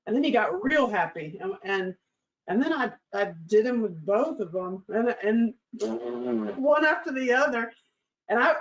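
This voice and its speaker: A woman hosting her show, telling a candid personal story in a bubbly, crude, laughing way. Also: medium pitch. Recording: slightly dull lo-fi recording.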